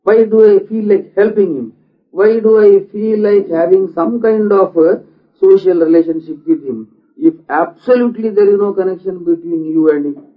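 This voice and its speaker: A man giving a philosophical lecture, deliberate in manner and asking many rhetorical questions. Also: high-pitched. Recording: dull lo-fi recording.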